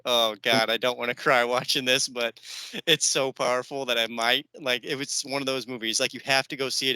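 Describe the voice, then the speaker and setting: Podcast host guy rambling excitedly, super bright crisp voice. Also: mid-range voice, no room sound, low-quality recording. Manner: enthusiastic, rambling with many fillers. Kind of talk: casual podcast chat.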